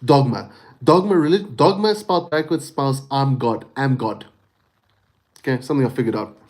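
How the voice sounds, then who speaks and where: A man's voice: medium pitch, moderate pace, a little mellow. A man talking straight to his livestream in a casual, rambling rant, swearing freely and calling the listener "dude" and "bro". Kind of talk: casual ranting monologue.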